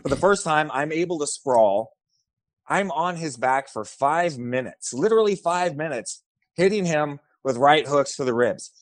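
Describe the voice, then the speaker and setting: A man's voice: a little high, a little slow, no echo, clean studio sound. A man, a former fighter, telling a story in a casual chat and acting out the voices of the people in it. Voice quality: animated, acts out voices in his stories.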